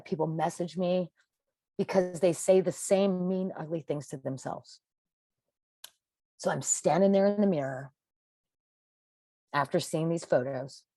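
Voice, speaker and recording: A woman's voice: fairly low pitch, dark tone, no room sound. A middle-aged woman, a podcast guest, telling her personal story in an emphatic, confessional way with dramatic stresses.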